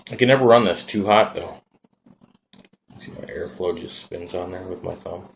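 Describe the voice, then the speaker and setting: A very low-voiced man with a Minnesotan accent talks in a laid-back, folksy ramble while showing off his gear. Faint noise hums under the recording. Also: moderate pace, gravelly. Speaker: vaping hobbyist vlogger. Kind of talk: casual hands-on demo.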